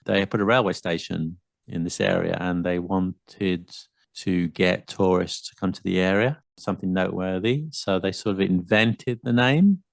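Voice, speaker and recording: A man's voice: low-pitched, fairly even intonation, normal speed, gravelly, no room sound, clean studio sound. A man co-hosting a podcast, playful and talkative, who likes to exaggerate for fun. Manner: playful, jumps into put-on accents. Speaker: podcast co-host. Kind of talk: casual chat.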